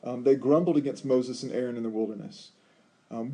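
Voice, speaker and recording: A man teaching a Bible study, talking in an animated, emphatic way with rhetorical questions and frequent ums. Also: mid-range voice, fairly quick.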